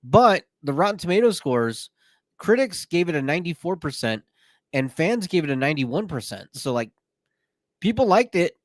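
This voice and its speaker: A man's voice: a little high, normal speed, dry recording. Man chatting casually on a podcast. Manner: relaxed, frequent short agreements. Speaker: podcast co-host. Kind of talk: casual chat.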